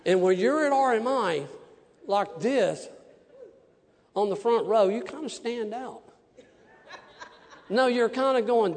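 A man ministering to a congregation, telling his testimony in an animated sermon and acting out the dialogues in it. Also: very high voice, slow pace, long pauses. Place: church sanctuary. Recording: long church-hall reverb.

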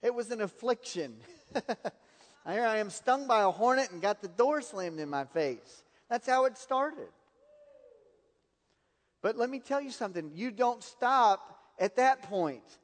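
A man's voice: sits high, lively intonation, a little slow, long reverb tail. A man preaching a sermon, telling personal stories and laughing at his own anecdotes.

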